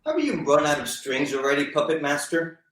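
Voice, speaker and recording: A man's voice: on the high side, sing-song, fairly bright tone. A man playing the mocking villain in a wrestling-style panel feud, drawing out his sarcastic lines. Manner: mocking, drawn-out sarcastic delivery. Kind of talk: wrestling-style heel banter. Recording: echoey room, far from the mic.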